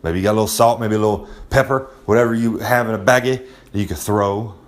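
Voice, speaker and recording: Talking fast in a lowish, steady voice, the recurring advice-segment presenter swaggers through a loose monologue of wrestling tips. He leans on streetwise slang and keeps repeating "I'm just saying."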